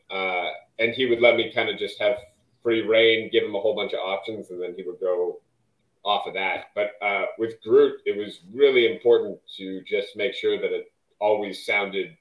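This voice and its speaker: Low-voiced man in a roomy echo. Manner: relaxed, thoughtful. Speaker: voice actor guest. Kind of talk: casual interview answer.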